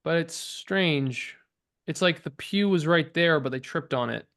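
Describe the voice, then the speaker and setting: A man narrating as game master of a tabletop game, halting and full of fillers. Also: on the high side, fairly bright tone. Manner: halting, many fillers and restarts.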